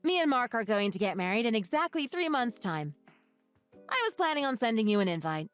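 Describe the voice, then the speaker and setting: A woman plays a wronged young bride, firm and scornful, with a slightly high voice. Her pitch moves in a lively way as she delivers cold, triumphant lines. She is a character in a storybook text-message drama. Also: brisk, clear, resonant tone, faint music behind.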